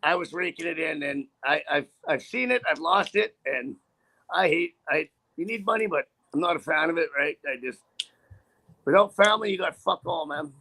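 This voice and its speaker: A middle-aged man who drives trucks talks in casual chat, blunt and full of curses. His voice sits high and gravelly, with a bright edge. He rambles and often restarts his sentences. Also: moderate pace.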